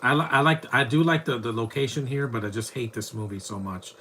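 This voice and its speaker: A man's voice: mid-range voice, lively intonation, a little fast, pushed and bright. Chatty man riffing on a bad movie. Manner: rambling, chatty, mocking the film. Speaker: movie commentary host. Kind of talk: casual live movie commentary.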